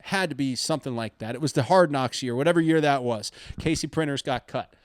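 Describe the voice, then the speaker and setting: A man hosting a sports talk show, ranting in an excitable, self-mocking way. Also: mid-range voice, brisk, no echo, clean studio sound. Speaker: sports podcast host.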